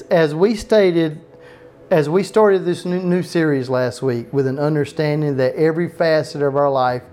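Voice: medium pitch, darkish tone. A pastor giving a conversational sermon at a home Bible study. The pastor often restarts sentences and breaks off into asides about leaving the notes. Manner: conversational preaching, frequent restarts and off-note asides.

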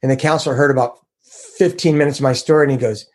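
A man's voice: mid-range voice, quick pace. A middle-aged man telling his recovery story in an earnest, confessional way, acting out what others said to him. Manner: earnest, confessional, quotes others in lively voices. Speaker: recovery group member sharing his story. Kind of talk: personal recovery testimony.

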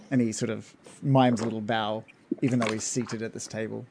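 A man narrating as game master of a tabletop game, relaxed and hesitant with fillers. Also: lowish voice, a little fast, gravelly, breathy edge.

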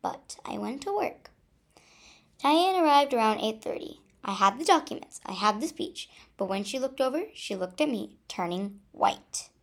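A woman reading a first-person story aloud with an expressive delivery. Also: on the high side, moderate pace. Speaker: story reader.

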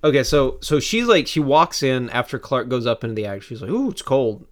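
A man in casual chat as a podcast co-host, retelling movie scenes in an animated, rambling way, with many restarts. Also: mid-range voice, fairly quick.

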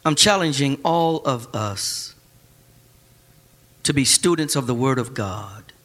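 Lively male pastor, bright, ringing tone, mixes slang and scripture, shouts the peaks. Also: takes it slowly. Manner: animated, joking, shouting at high points; casual churchy speech with slang. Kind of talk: sermon.

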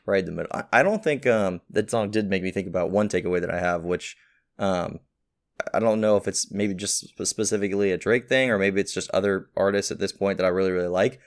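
A man with a fairly low voice talks loosely on a podcast, piling up fillers as he thinks aloud. He perks up when something amuses him. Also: fast. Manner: rambling, animated when joking, many fillers. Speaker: podcast co-host. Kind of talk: casual chat.

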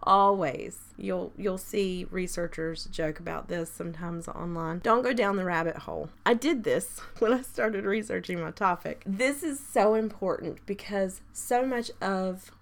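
A woman with a croaky voice hosting a casual solo podcast, chatty and rambling, with frequent light laughs and audible intakes of breath. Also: medium pitch, unhurried, few pauses. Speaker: podcast host.

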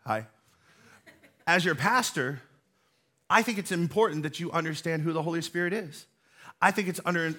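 Earnest bright-voiced male pastor preaching. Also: fairly high pitch. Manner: earnest and conversational, explaining slowly with emphatic repetition. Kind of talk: sermon.

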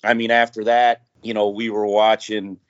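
A man's voice: on the low side, flat delivery, moderate pace. A man in his forties telling candid, self-mocking stories in casual chat as a podcast guest. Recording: dull lo-fi podcast audio.

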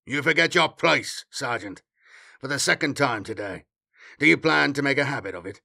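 Guy playing a cold commander, clipped, scolding, lower than his narration. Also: expressive, moderate pace, creaky, pushed and bright, dry recording, studio quality, full character voice. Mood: stern. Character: stern, cold male warrior captain.

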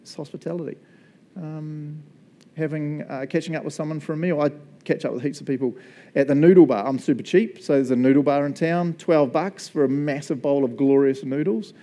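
A man's voice: a little high, a little fast. A man with a New Zealand accent preaching a casual, jokey sermon full of stories. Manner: chatty, jokey, animated storyteller.

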